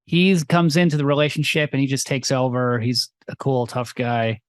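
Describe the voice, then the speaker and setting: A man in his thirties co-hosting a casual film-review podcast, rambling through a plot recap and slipping into quick mocking character voices. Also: mid-range voice, flat delivery, no room sound. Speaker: podcast co-host.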